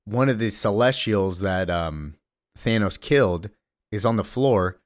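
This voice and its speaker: A man's voice: lowish voice, animated, measured pace, dry recording, studio quality. A man casually recapping a comic story, rambling with many fillers.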